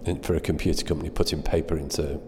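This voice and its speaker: A middle-aged man with a deep, mellow voice tells a long self-deprecating story in an interview and laughs at himself along the way. His voice carries a long reverb behind it. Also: steady tone, very fast, slight background noise. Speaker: guest telling stories. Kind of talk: anecdotal storytelling.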